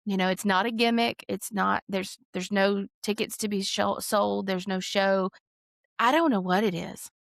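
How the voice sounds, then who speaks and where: A woman's voice: mid-range voice, fairly even intonation, moderate pace, vocal fry, no room sound, clean studio sound. Earnest woman hosting a chat. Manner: earnest, reflective, rephrases as she talks. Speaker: podcast host and hospice doula. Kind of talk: casual conversational interview.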